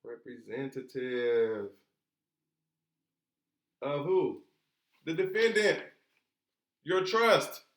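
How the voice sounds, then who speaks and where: In an echoey room, a male instructor with a medium-pitched, sing-song voice gives an informal lesson, speaking very slowly and pausing often. He is emphatic and colloquial, posing rhetorical questions and then answering them himself.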